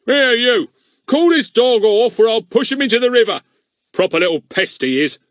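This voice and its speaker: A burly, red-faced village policeman, as a man puts him on, loud and blustering with a raised, barking tone. His voice leaps up sharply and sounds dry and close. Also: a little high, very animated, normal speed, no room sound, pitched above the performer's own voice. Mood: angry blustering. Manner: blustering, shouting.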